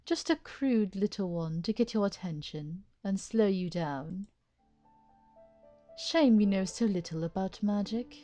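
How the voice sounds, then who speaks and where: A woman voicing a sly, cruel male monster illusionist who talks down to others in a slow, mocking drawl while reading game dialogue aloud. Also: mid-range voice, expressive, dark tone, faint music behind, lightly acted. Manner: drawling, condescending teasing.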